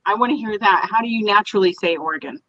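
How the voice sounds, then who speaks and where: A woman's voice: mid-range voice, very fast, a bit bright, dull audio. A woman co-hosting a casual livestream chat, teasing and giggling.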